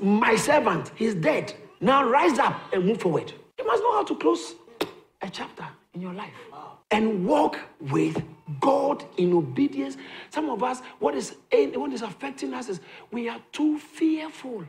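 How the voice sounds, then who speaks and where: A male pastor preaching a sermon in a church, dramatic, acting out Bible voices and shouting for emphasis. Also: high voice, reverberant.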